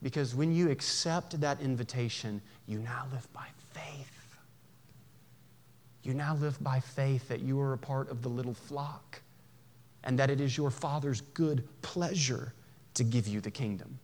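A man preaching a sermon in a church, conversational and animated, with jokes and acted-out voices. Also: mid-range voice, moderate pace. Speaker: pastor.

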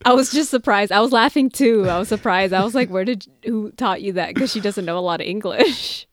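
A woman co-hosting a podcast in casual chat, teasing and chiming in quickly. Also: medium pitch, no echo. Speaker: podcast co-host.

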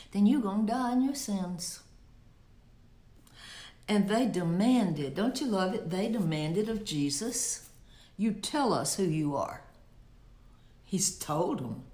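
A woman's voice: medium pitch, warm tone, echoey room. A woman giving a Bible teaching in a conversational preaching style, often asking rhetorical questions. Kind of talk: sermon.

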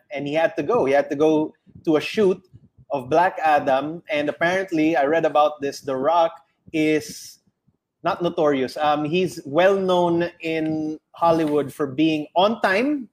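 Animated Filipino man telling stories. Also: on the high side. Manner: swears a lot, animated storytelling. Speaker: podcast co-host. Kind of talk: casual chat.

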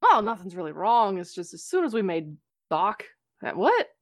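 A woman's voice: mid-range voice, very animated, normal speed, no room sound, studio quality. A woman playing a tabletop game, blunt and joking as she speaks in character. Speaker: player.

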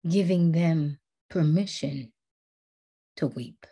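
Woman religious teacher, low husky voice, earnest, repeats phrases for emphasis. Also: steady tone, measured pace, dark tone. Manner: earnest, repetitive, builds emphasis by repeating words. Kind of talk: devotional talk.

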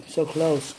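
A man chatting affectionately at home while eating, soft-spoken and often murmuring, in a casual intimate vlog. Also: a little high, background noise.

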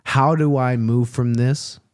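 A man in his twenties candidly telling a painful personal story in casual conversation. He is emotional and slows down on the hardest parts. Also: medium pitch, fairly even intonation, dry recording, studio quality. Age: 20s.

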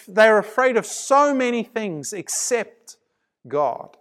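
A man preaching a sermon, retelling a scripture story dramatically and often repeating words as he builds emphasis. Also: sits high.

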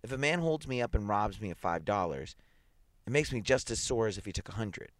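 A man's voice: on the low side, expressive, fairly quick, no room sound, lightly acted. A man voicing a ruthless, vindictive businessman who speaks harshly and chuckles at his wife's fears. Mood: cold gloating.

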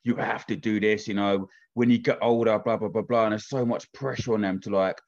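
Brief: low-voiced man, quick rambling chat, dull lo-fi audio. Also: steady tone, darkish tone. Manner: rambling, keeps asking "do you know what I mean". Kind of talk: casual chat. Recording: dull lo-fi sound.

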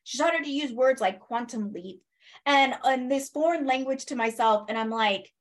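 A woman telling a personal story in a casual interview, animated, acting out what people said and laughing as she goes. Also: high voice, normal speed. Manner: animated, acts out quoted speech, laughs, swears. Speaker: guest.

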